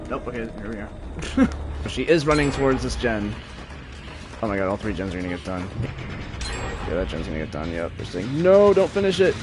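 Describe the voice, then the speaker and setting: A young man giving live commentary on his own gameplay, muttering under his breath one moment and yelling out the next. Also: fairly low pitch. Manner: excitable, swings between mutters and loud outbursts. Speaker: streamer. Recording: loud game music underneath.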